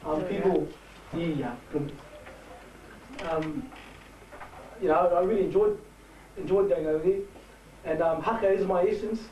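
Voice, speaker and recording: A man with a New Zealand Māori accent, giving a halting, heartfelt speech to a rugby team. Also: high-pitched, highs cut off. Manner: halting, warm-hearted, switches between Māori and English. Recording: echoey room from far off.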